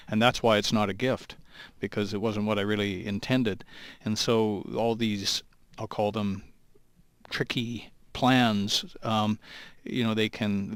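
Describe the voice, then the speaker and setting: A man, a lawyer guest, explaining legal ideas in a thoughtful, halting way on a talk show. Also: lowish voice, fairly bright tone, smooth, no echo. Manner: thoughtful, halting, with many restarts.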